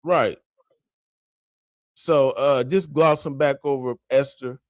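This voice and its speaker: A man's voice: mid-range voice, fairly even intonation, slow pace, dry recording, clean studio sound. A man co-hosting a casual religious discussion, reading passages aloud between casual asides. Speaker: co-host reading scripture.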